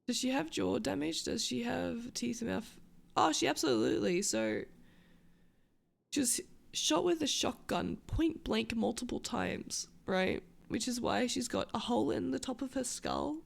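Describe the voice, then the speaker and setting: Creaky-voiced woman chatting casually. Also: fairly high pitch, lively intonation, a little slow. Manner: rambling, loses her train of thought, swears casually. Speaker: streamer. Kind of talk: casual chat with stream viewers.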